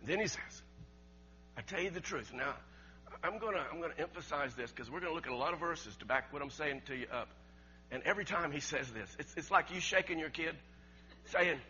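A man preaching a sermon, emphatic and rising to near shouts, with laughs between his points and words he repeats. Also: on the high side, moderate pace, long pauses. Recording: dull lo-fi recording with mains hum.

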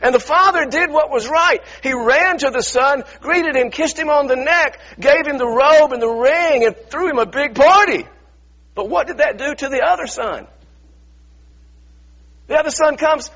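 A man's voice: very high voice, lively intonation, normal speed, sharp tone, dull audio. A male preacher delivering an impassioned sermon, retelling stories and voicing pleading sons. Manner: impassioned, acts out biblical voices.

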